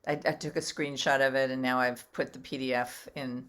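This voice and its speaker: A woman's voice: very deep voice, little pitch movement, brisk, a bit bright. A woman helping organize an online music class, speaking hesitantly over a video call.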